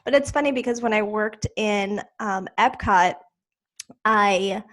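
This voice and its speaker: A woman's voice: medium pitch, unhurried, a bit bright. A woman from Long Island, with a faded Long Island accent, co-hosting a podcast in casual, chatty talk and laughing often. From Long Island, New York. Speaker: podcast co-host. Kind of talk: casual chat.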